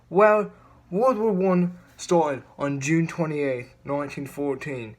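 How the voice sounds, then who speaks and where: A teenage boy presenting a school project as a mock news report, putting on a British accent and rambling through playful asides. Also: fairly high pitch. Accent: put-on British.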